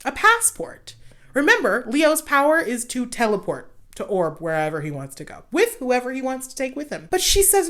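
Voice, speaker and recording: Animated sarcastic young woman ranting. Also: high voice, normal speed. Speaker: host. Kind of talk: casual ranting commentary.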